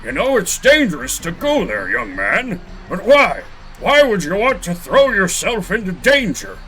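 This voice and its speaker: A man voicing a brash male gatekeeper in a video game, blustering and shouting. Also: high-pitched, wildly swooping pitch, measured pace, soft background music, voice pushed up, heavily acted, poor audio. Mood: scolding.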